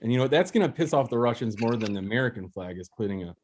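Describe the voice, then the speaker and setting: A man's voice: mid-range voice, expressive, racing, a little hiss or hum. A young man hosting an open mic over a video call, doing a rambling, self-mocking stand-up bit with frequent laughs and restarts. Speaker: open mic host and comedian.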